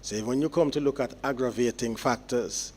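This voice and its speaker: Measured judge explaining sentencing. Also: male voice, medium pitch, a little mellow. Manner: measured, explanatory, with deliberate pauses. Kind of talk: delivering sentencing remarks in court.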